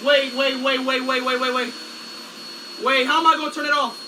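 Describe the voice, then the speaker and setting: A young man streaming live, talking to his chat in a frantic, pleading way, yelling and repeating himself. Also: very high-pitched, level tone, moderate pace. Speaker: livestreamer. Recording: distant mic with loud vacuum noise. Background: vacuum cleaner running.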